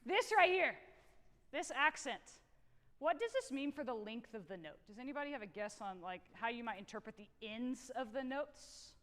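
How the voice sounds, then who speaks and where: A high, bright-pitched woman with a Texan drawl coaches a student band through a rehearsal clinic, upbeat and encouraging, sometimes singing lines to show them. Her voice rings out into the long reverb of a large theatre. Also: normal speed. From Texas. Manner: energetic, encouraging, sings out phrases. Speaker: guest conductor.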